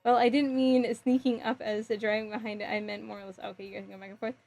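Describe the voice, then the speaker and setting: A woman's voice: on the high side, flat delivery, fast, muffled recording. Chatty, giggly woman streamer. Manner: chatty and giggly, thinks out loud. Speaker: live streamer. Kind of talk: casual live-stream chat, reading chat aloud. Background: faint music.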